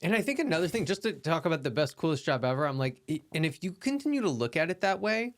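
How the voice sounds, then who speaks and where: A man's voice: on the high side, very animated, fast. A man hosting a podcast, chatty in a casual interview, with lots of "like" and acted-out quotes. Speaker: podcast host.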